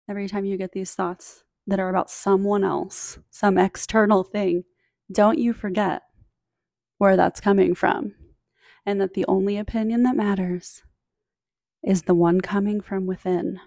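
A woman talks straight to the listener in a spiritual self-help talk, her voice slow and unhurried. There is a gravelly fry in her tone. The phone recording sounds dry and close, with no room around it. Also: mid-range voice, a little mellow, no room sound. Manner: soothing, encouraging, direct address. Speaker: podcast host.

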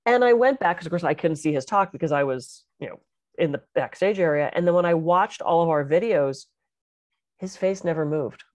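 A middle-aged woman co-hosting a podcast, chatting casually as an animated, expressive storyteller. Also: sits low, fairly quick, no echo. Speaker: podcast co-host and public speaker. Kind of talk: casual conversational chat.

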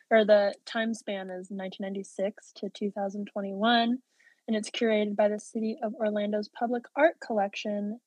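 A woman's voice: medium pitch, darkish tone, no room sound, low-quality recording. A woman co-hosting a podcast in casual chat, upbeat and slangy, encouraging her co-host.

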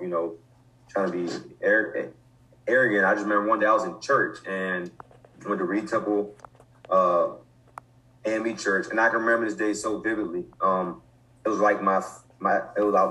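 Halting young man, low voice. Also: bright, forceful tone, rough recording. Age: 20s. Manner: halting, many restarts and fillers. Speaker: football coach, interview guest. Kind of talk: casual conversation.

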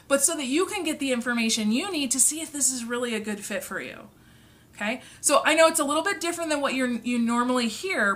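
A middle-aged woman coaching on communication, her voice bright and forceful with a slightly high pitch. She teaches earnestly and emphatically, pausing often to check in with her listeners. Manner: earnest, emphatic, frequent "okay?" check-ins. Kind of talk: instructional talk to camera.

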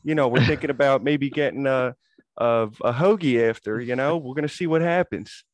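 A man's voice: mid-range voice, fairly quick, no echo, close to an everyday voice. A man voicing a brash, chummy Philadelphia sports fan with a Philadelphia accent.

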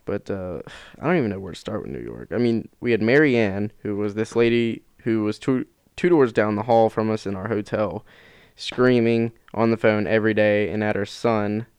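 Low, smooth-voiced podcast co-host. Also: male voice, normal speed, a little mellow, no room sound. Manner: joking, teasing banter. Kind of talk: casual chat.

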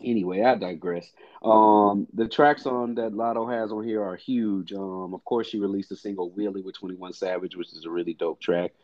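A man's voice: fairly low pitch, steady tone, normal speed, few pauses, a little mellow, no room sound, highs cut off. A man co-hosting a casual music podcast, blunt, profane and emphatic. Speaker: podcast co-host.

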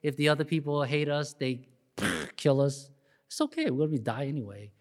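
An older pastor preaches in a fairly high voice, swinging from loud whoops and chuckling asides to a hushed, slow prayer. He talks to his congregation with an easy, lively delivery. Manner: animated, laughing asides, trailing into a soft prayer. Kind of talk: sermon. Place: church sanctuary.

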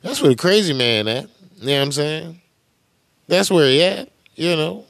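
A man's voice: on the high side, lively intonation, normal speed, gravelly, a bit bright, no room sound. Profane, heated male podcast host. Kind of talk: casual commentary.

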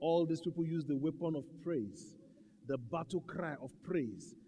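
A male pastor preaching a sermon, swinging from quiet talk to loud shouts and bursts of faith-filled laughter. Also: a little high, unhurried, long reverb tail.

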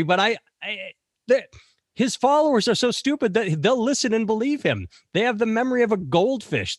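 A man's voice: no room sound, clean studio sound. A man co-hosting a casual comedic news podcast, sarcastic and crude, his voice jumping up when he mocks. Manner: sarcastic, swings high when mocking. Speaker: podcast co-host.

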